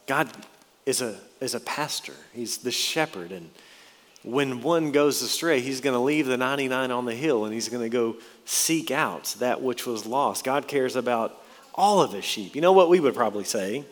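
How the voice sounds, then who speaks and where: Brief: male pastor, mid-pitched voice, earnest sermon delivery with slow stressed key words, long hall reverb. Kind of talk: sermon with scripture reading.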